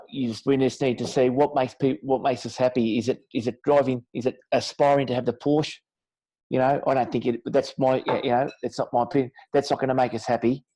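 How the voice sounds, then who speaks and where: A man's voice: mid-range voice, dark tone, low-quality recording. Laid-back Australian man saying "mate". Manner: laid-back, says "mate" constantly, rambling and earnest. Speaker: guest. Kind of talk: casual chat.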